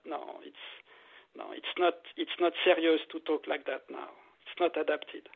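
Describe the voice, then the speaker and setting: Earnest high-voiced man on a tinny phone line. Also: steady tone, moderate pace. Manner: earnest, repetitive, enthusiastic, non-native phrasing. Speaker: meditation teacher, guest. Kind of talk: interview conversation.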